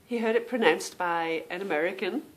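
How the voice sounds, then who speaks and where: This podcast host is a woman from England whose lowish voice moves a little fast. Her casual, chatty British-accented talk meanders and tends to trail off.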